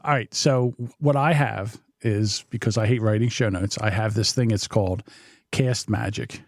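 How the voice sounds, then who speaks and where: A man's voice: on the low side, normal speed, no echo, studio quality. A man co-hosting a podcast, chatting casually with crude jokes. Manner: crude joking. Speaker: podcast co-host. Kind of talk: casual chat.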